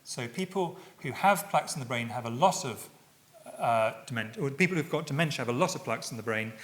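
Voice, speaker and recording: A middle-aged man giving a public lecture, speaking in a measured way with frequent fillers and self-corrections. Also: medium pitch, expressive, fairly bright tone.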